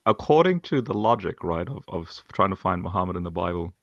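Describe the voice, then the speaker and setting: A man's voice: deep voice, animated, fast, a bit bright, no room sound, lo-fi sound. A man co-hosting a debate review, talking casually in a tongue-in-cheek, joking way. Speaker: co-host of a debate review show. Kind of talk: casual discussion.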